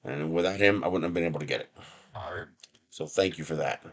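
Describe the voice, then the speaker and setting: A man's voice: extremely low pitch, a little fast. A man hosting a casual live stream from his home workshop bench, rambling and chuckling with sarcastic asides. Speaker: livestream host.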